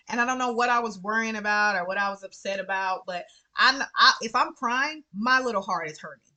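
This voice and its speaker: Woman vlogger, adult mom, earnest and animated, crisp bright tone, middle pitch. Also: normal speed. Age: adult with children. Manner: earnest, animated, repeats phrases for emphasis. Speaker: vlogger sharing favorite books. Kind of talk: casual heartfelt chat to camera.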